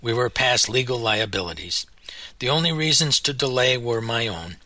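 A man narrating his memoir as an audiobook, in measured, solemn, deliberate phrasing. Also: medium pitch, expressive, pushed and bright, dry recording.

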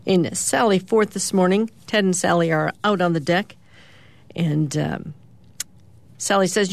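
A radio host reading the morning comic strips aloud in an easygoing way, pausing with small fillers as he describes each panel. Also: mid-range voice, creaky.

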